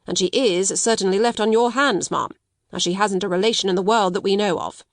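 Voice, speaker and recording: A woman's voice: mid-range voice, fairly quick, dry recording, clean studio sound, close to an everyday voice. A woman reading a storybook voices a shrewd male solicitor who speaks brusquely and with disapproval. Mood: brusque, blunt. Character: curt, shrewd male solicitor, dry little man.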